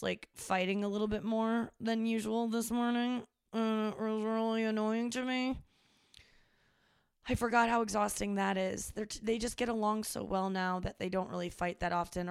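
A young woman hosting a podcast, telling a story in an animated, exasperated way and swearing now and then. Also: medium pitch, gravelly, smooth, dry recording, studio quality. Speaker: podcast host. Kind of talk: casual monologue. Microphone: studio mic into a mixing board.

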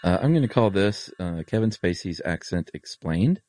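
A man's voice: sits low, lively intonation, normal speed, a little mellow, a little hiss or hum. A man co-hosting a podcast, laid-back, with short dry replies, also reading out listener mail. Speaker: podcast co-host.

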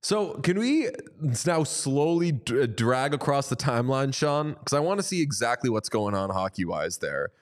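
Playful young man riffing on a podcast. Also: medium pitch. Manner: playful, quick riffing with bursts of excitement. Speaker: podcast co-host. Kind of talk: casual chat and ad read.

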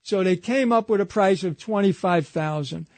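High-voiced man telling a story. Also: normal speed, a little mellow, no room sound. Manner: retells a story through a chain of quoted dialogue, repeating "he said". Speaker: interview guest. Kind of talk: conversational storytelling anecdote.

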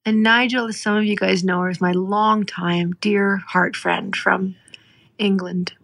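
A middle-aged woman from Canada, hosting a podcast and telling a moving story in an earnest, heartfelt way, slowing down for emphasis. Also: mid-range voice, steady tone, creaky, fairly bright tone. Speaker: podcast host. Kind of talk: emotional storytelling.

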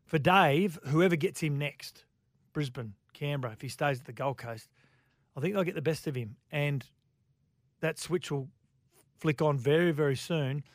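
A man's voice: fairly high pitch, moderate pace, no room sound, clean studio sound. A man co-hosting sports radio, giving opinions as he thinks aloud. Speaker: radio co-host and commentator. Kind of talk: casual sports radio chat.

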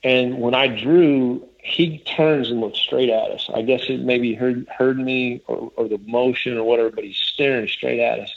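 A man's voice: medium pitch, steady tone, normal speed, vocal fry, few pauses. A man casually telling a long story as a guest, rambling and restarting as he quotes others. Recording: dull lo-fi audio.

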